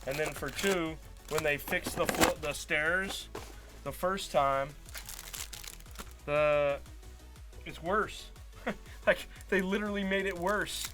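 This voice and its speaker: A man's voice: a little high, slow, long pauses. A man telling a long, frustrated story in casual live-stream chat as a card break host, acting out quoted dialogue. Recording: faint music behind.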